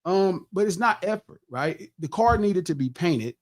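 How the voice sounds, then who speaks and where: Animated, profane man telling a story. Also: high-pitched, measured pace. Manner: profane, animated, acts out his own quotes. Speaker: podcast host. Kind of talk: casual storytelling chat.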